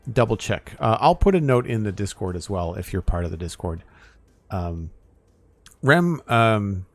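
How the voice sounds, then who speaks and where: Low-voiced man streaming a game. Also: unhurried, no room sound. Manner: relaxed, rambling with frequent ums and uhs. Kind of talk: casual live-stream chat.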